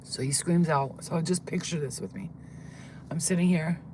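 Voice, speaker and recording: A woman vlogger who tells a dream in a rambling, excitable way from a parked car. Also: deep voice, normal speed, slight background noise. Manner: rambling, excitable, swears when flustered. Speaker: spiritual vlogger. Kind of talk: casual storytelling, recounting a dream. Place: car, pulled over.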